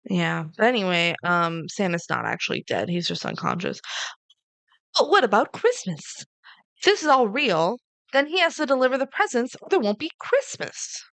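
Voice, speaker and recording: A young woman co-hosting a podcast, casually recapping a movie and acting out the characters' lines with lively changes of voice. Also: medium pitch, moderate pace, creaky, no room sound. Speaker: podcast co-host.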